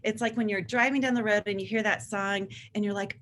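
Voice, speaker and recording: A woman's voice: medium pitch, fairly even intonation, a little fast, hardly any pauses, slight background noise. A woman in her forties, a therapist, giving an enthusiastic presentation to parents and now and then acting out what kids say. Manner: warm, enthusiastic, acts out teen voices in quotes. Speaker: therapist and author giving a talk.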